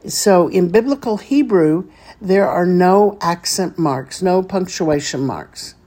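Slow, patient woman teaching a reading lesson. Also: on the low side, animated, mellow. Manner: patient, spells out each syllable. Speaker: Hebrew teacher.

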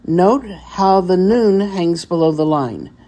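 A woman teaching a vocabulary lesson, deliberately spelling out each word and repeating it for practice. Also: on the low side, dark tone. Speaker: Hebrew teacher.

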